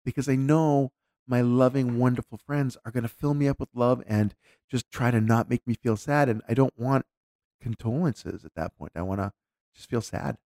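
Man, low and gravelly, dry close mic; candid, reflective storyteller. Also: moderate pace, warm tone, no room sound. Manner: candid, reflective, with frequent restarts. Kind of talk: casual conversational storytelling.

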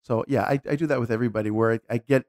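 A man's voice: medium pitch, fairly even intonation, rapid-fire, darkish tone, no echo, clean studio sound. A man talking casually and candidly, reflecting aloud as he tells a personal story with frequent restarts.

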